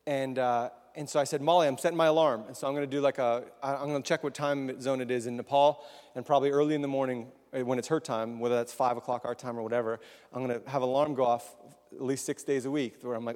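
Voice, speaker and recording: This preacher's medium-pitched, slightly mellow voice moves fast with fairly even intonation. He gives a casual, talkative sermon, questioning the congregation gathered in a large hall, where the sound echoes with a long reverb.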